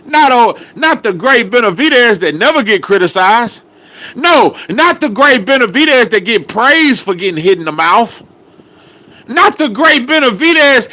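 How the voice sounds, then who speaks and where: A man's voice: high voice, sharp tone. A man doing a heated, profane reaction rant as a boxing commentator, angry and full of slang.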